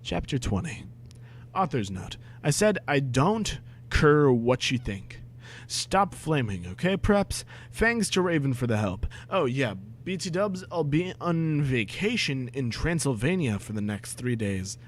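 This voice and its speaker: A young man reading a badly written story aloud, breaking off for sarcastic, exasperated asides and shouted outbursts. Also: mid-range voice, sing-song, a little slow. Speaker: comedic reader. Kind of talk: dramatic reading with mocking commentary.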